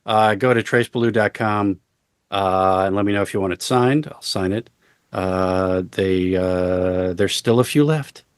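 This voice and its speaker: A man as an interview guest, talking casually in a halting way with many fillers and deadpan jokes. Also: low voice, no room sound, studio quality. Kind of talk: casual conversation.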